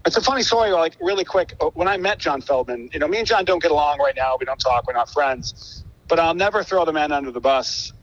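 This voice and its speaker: A man being interviewed as a guest musician, telling a long story in a casual, profane, animated way. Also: a little high, fast, highs cut off. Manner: animated, profane, acts out quoted dialogue.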